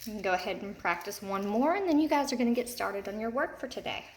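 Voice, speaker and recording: Woman, teacher, phonics lesson for kids, slow, clear, repeats each word. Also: medium pitch, expressive, slight background noise. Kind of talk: recorded phonics lesson for children.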